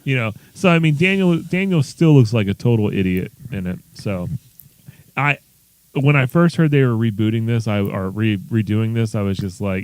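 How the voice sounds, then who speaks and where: A man with a Kentucky accent chats on a podcast, eager and a bit rambling, and acts out the lines he quotes. His pitch sits in the middle range, and the sound is close and dry. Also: normal speed, darkish tone, clean tone, no echo. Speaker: podcast co-host. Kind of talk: casual podcast banter.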